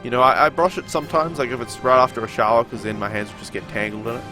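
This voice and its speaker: A man's voice: mid-range voice, steady tone, very fast, over music. A young man with a nasal voice and a sore throat, chatting casually as he streams a game and answers his viewers. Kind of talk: casual chat during a live game stream.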